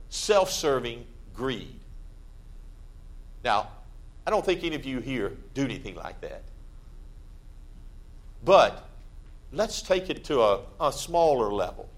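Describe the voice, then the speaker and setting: Man preaching with loud bursts. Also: medium pitch. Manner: conversational preaching with sudden loud emphatic bursts. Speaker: pastor. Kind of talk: sermon. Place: church.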